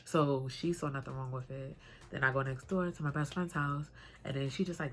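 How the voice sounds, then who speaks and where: A young woman vlogger telling a personal story in a casual, animated, chatty way. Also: rumbling low, a little fast.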